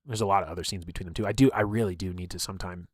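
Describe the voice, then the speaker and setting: A man's voice: low-pitched, fairly even intonation, rapid-fire, no room sound, clean studio sound. A man telling stories in casual chat, rambling with many fillers and openly emotional. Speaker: streamer and game player.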